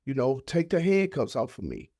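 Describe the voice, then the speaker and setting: A man's voice: mid-range voice, wildly swooping pitch, normal speed, warm tone, no echo, clean studio sound. A man, a podcast guest, telling an emotional personal story in casual, heartfelt speech. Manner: casual, heartfelt, acts out voices of family in his story.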